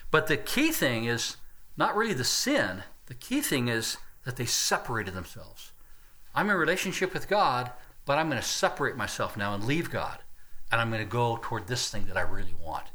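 A man's voice: medium pitch, big pitch swings, moderate pace, sharp tone. A man preaching an expository sermon, reading Bible verses aloud and breaking in with his own asides.

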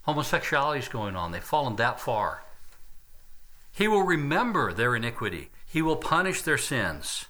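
A man's voice: mid-range voice, very animated, moderate pace, pushed and bright. A man preaching an expository sermon, reading Bible verses aloud and breaking in with his own asides.

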